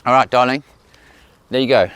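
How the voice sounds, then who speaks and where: A man's voice: mid-range voice, fairly even intonation, normal speed, fairly bright tone, clean tone, no echo. A middle-aged man working as a portrait photographer outdoors in a field, directing a model and praising every pose with the same encouraging words again and again. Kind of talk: directing a model during a shoot.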